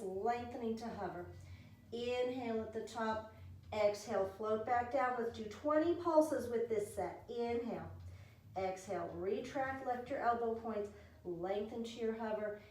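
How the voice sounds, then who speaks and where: A woman leads a home pilates session, calmly counting and calling out breaths. Her voice sits slightly high. The mic is set well back in a strongly echoing room with faint background noise. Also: distant mic. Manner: counting reps and cueing breaths, encouraging. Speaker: pilates instructor. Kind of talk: guided exercise class.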